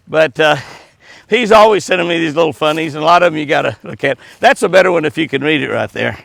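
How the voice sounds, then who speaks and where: A man hosting a casual chat while he walks in the woods, folksy and quick to chuckle, cooing sweetly at his dogs between stories. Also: fairly high pitch, expressive, creaky, fairly bright tone, no room sound. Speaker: host. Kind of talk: casual outdoor chat to camera. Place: outdoors, walking in the woods.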